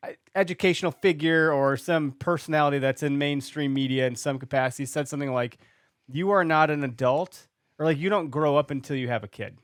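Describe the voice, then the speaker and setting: A man co-hosting a podcast in a studio, chatting casually and telling stories with lively acted-out voices. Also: fairly high pitch, dry recording. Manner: animated storyteller, acts out voices. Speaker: podcast co-host. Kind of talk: casual chat.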